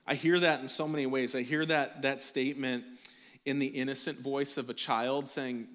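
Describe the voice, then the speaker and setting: A man preaching as a pastor, his mid-range voice carrying through a church sanctuary with a long echo. He drives his points home with emphatic, slowed-down repetition. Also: mid-range voice, flat delivery, a bit bright. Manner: preaching with rising intensity and emphatic slow repetition. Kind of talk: sermon.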